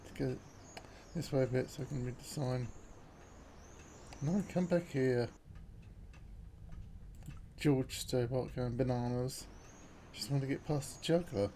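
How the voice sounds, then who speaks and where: A man's voice: medium pitch, measured pace, long pauses, a little hiss or hum. A man giving casual, offhand commentary over a playthrough. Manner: relaxed, offhand. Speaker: gameplay commentator.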